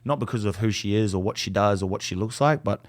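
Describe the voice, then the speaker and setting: A man's voice: fairly low pitch, quick pace, no echo, studio quality. A young Australian man, a podcast guest, telling stories in casual chat, swearing freely and acting out other people's lines. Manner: animated, swears freely, acts out quoted voices.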